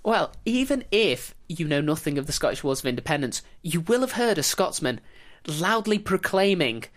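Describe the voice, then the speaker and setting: Woman host, low-pitched, wry and jokey, telling history to a co-host. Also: sing-song, moderate pace. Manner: wry, jokey, breaks into laughter. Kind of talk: casual storytelling chat.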